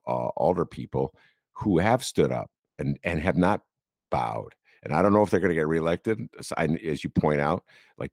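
A male podcast host in casual political talk, getting animated and excited as he goes. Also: a bass voice, no room sound, studio quality. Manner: animated, gets excited and laughs.

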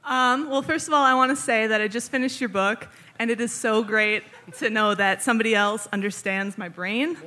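A woman's voice: fairly high pitch, fairly even intonation, moderate pace, few pauses, bright, forceful tone. A woman in the audience at a live show, asking a question in a friendly, giggly, slightly shy way.

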